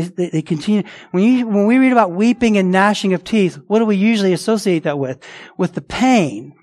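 A man with a fairly high voice preaches a sermon in a conversational way. He keeps asking his listeners rhetorical questions and briefly acts out the voices of other people. His words often restart and repeat. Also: a little mellow. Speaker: pastor.

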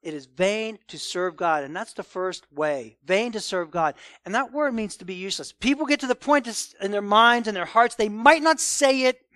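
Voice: mid-range voice, a bit bright, dry recording. A preacher giving a Sunday morning sermon in an emphatic, conversational way.

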